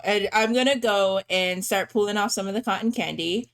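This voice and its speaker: A woman taking part in a tabletop game, calmly describing what her character does. Her mid-pitched voice is gentle and unhurried. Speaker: player.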